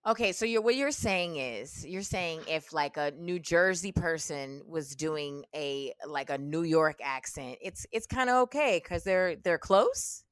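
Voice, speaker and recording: A woman's voice: sits low, measured pace, hardly any pauses, clear, resonant tone, dry recording. Playful woman guest on a comedy podcast. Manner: playful, teasing, expressive. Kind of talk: casual comedy podcast chat.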